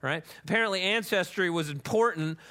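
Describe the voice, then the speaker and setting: A man's voice: high-pitched, brisk. A man preaching a sermon as pastor, emphatic and conversational, checking in with "right?" and reading scripture with rising intensity. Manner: animated, emphatic preaching with frequent "right?" asides.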